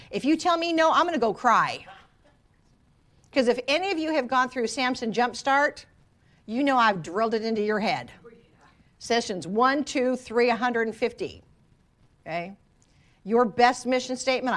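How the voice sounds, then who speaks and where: A woman's voice: a little high, fairly bright tone. Playful woman leading a training session. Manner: playful, teasing asides to the class. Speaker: real estate trainer. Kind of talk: workshop presentation. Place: training room with a live audience.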